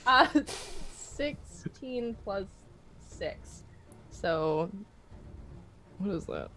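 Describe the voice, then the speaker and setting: A woman's voice: medium pitch, lively intonation, drawn-out words, sharp tone, slight background noise. A woman playing a tabletop game, describing her character hesitantly with lots of "like". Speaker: player. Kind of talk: tabletop role-play.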